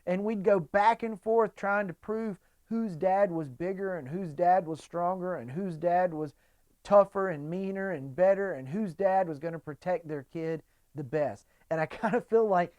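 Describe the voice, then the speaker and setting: A man's voice: high voice, normal speed, a little mellow, no echo. A middle-aged man giving a casual, conversational sermon as a pastor, acting out quotes in voices.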